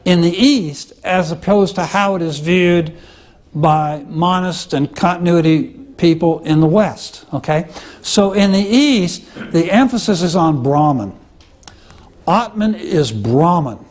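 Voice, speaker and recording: Man lecturing with frequent "okay?" check-ins. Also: high-pitched. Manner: conversational, with many "uh" fillers and restarts. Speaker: teacher. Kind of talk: classroom lecture.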